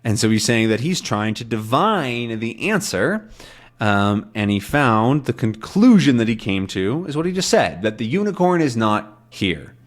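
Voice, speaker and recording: A man teaching English in a relaxed way, explaining words simply and often checking that learners follow him. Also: mid-range voice, a little slow. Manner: animated, checks in often with questions.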